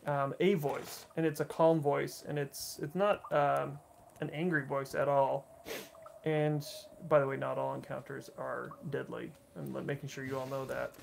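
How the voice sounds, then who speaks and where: A man running a tabletop game as dungeon master, describing scenes with many pauses and fillers. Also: medium pitch, little pitch movement, creaky, a little hiss or hum. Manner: halting, filler-heavy descriptive narration. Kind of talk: narrating a tabletop game livestream.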